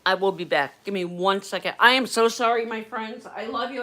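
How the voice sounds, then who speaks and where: A woman livestreaming from home, chatting warmly with viewers by name and getting choked up at times, now and then moving away from the mic. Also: medium pitch, moderate pace, few pauses. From United States. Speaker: livestream host. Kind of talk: casual livestream chat. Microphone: webcam or phone mic, moves off camera.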